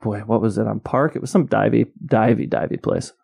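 A man's voice: lowish voice, brisk, gravelly, darkish tone, husky. A man co-hosting a podcast in casual banter, telling an anecdote and tossing out wry jokes. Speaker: podcast co-host.

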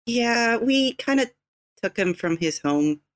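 A woman's voice: a little high, animated, slow, no echo, clean studio sound. A woman playing a tabletop game, talking in character, light and tentative. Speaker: player.

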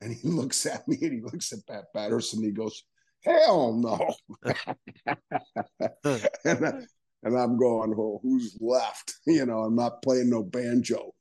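A man's voice: medium pitch, fairly even intonation, unhurried, gravelly, long pauses, warm tone, low-quality recording. An older man, a guest on an interview podcast, telling stories casually and acting out quoted dialogue with frequent laughs. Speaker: guest, retired wrestler.

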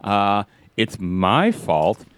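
A man's voice: on the low side, very animated, very slow, fairly bright tone, slight background noise. A man hosting a podcast in casual chat, rambling and self-deprecating. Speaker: podcast host.

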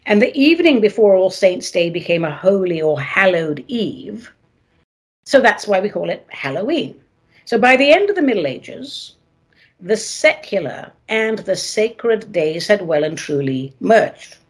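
A woman hosting her own radio show, talking in a playful, dramatic way with sing-song emphasis and a husky voice; she moved to America from elsewhere. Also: medium pitch, big pitch swings, unhurried. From not from America, moved there. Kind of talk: theatrical solo radio talk.

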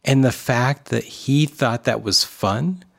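Man, casual co-host, opinionated, animated retelling, mid pitch. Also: takes it slowly, gravelly. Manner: opinionated, talkative, acts out quotes. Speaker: podcast co-host. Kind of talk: casual chat.

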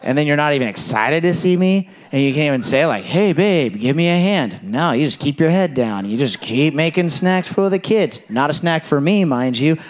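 A man preaching a sermon in a conversational, animated way, full of rhetorical questions and illustrations from his home life. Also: fairly high pitch, a little fast, few pauses. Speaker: pastor.

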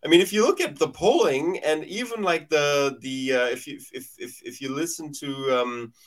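A man's voice: a little high, moderate pace. Man talking emphatically on a podcast. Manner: emphatic, stumbling restarts. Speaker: podcast co-host. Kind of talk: casual political chat.

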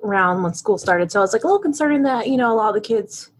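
A woman's voice: mid-range voice, lively intonation, quick pace, slightly rough. A woman voicing a chatty clerk at a police station front desk, rambling with lots of fillers. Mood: gossipy.

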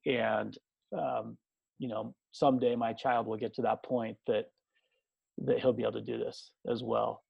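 A man co-hosting, telling a story in relaxed casual chat with frequent hesitations. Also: mid-range voice, normal speed, vocal fry, husky, dry recording. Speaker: co-host. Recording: dry, dull lo-fi sound.

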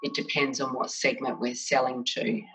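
A woman in middle age, a business guest in an interview, speaking in a measured, thoughtful way with some restarts. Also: rumbling low, a bit bright, distant mic, rough recording. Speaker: business development manager, guest. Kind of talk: conversational interview.

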